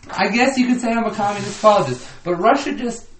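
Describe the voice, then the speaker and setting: A man's voice: high voice, animated, quick pace, a little hiss or hum. A man co-hosting a comedy podcast, rambling through casual chat and laughing often. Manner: rambling, laughs often, restarts mid-sentence. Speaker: podcast co-host. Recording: roomy echo.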